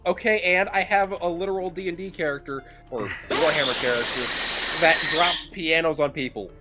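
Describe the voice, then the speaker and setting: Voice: medium pitch, over music. A player in casual gaming banter who teases friends and laughs easily. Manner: teasing, quick to laugh.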